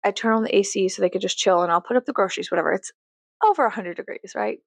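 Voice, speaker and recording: A woman's voice: mid-range voice, very fast, vocal fry, no echo. A woman, venting profanely and animatedly in a story-time vlog. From Texas, USA. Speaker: vlogger.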